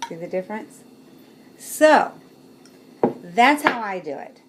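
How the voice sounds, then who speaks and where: A woman's voice: medium pitch, expressive, takes it slowly, background noise. A woman chatting casually to her camera as a vlogger, showing things with bowls and laughing often.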